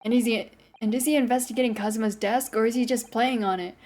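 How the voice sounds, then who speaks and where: A woman's voice: fairly high pitch, steady tone, fast, a little mellow. A woman streamer casually chatting and joking with giggly, swearing asides while reading a visual novel aloud. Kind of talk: casual live-stream chat. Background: faint game music.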